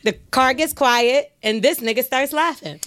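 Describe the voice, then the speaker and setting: A woman's voice: high voice, normal speed, fairly bright tone. A woman co-hosting a podcast, telling a story in a brash, profane, laughing way. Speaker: podcast co-host. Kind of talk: casual storytelling chat.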